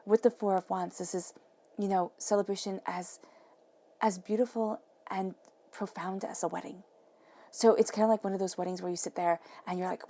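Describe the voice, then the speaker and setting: A woman giving an earnest, encouraging tarot reading straight to the viewer, sometimes dropping to a soft whisper. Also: mid-range voice, steady tone, brisk. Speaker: tarot reader.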